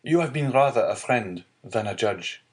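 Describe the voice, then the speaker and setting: A man's voice: mid-range voice, expressive, moderate pace, lightly acted. A man voicing an honest, earnest young male sailor in an audiobook, sincere and eager. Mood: pleading.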